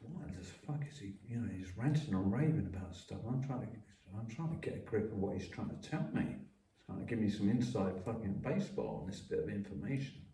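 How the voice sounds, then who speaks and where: Guest, 60s, mellow voice, rambling and profane, echoey room, far mic. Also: male voice, fairly low pitch, expressive, a little fast, slight background noise. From London. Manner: profane, repetitive, many restarts and coughs. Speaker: podcast guest. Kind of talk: rambling casual storytelling. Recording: roomy, distant mic.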